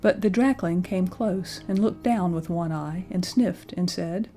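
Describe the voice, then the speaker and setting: A woman narrating a classic children's fairy tale audiobook in a calm, gentle bedtime manner. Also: fairly low pitch, unhurried, soft background music. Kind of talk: scripted storybook narration.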